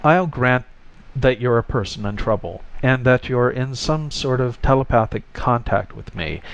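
A man's voice: mid-range voice, moderate pace, lightly acted. A man voicing a young man in love who answers with dry, good-humored wit, in a slightly muffled recording. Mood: wry.

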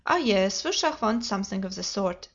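A woman's voice: medium pitch, expressive, normal speed, lightly acted. A woman reading the part of a nervous, overwrought male company manager who pleads under strained politeness, in a dull lo-fi recording.

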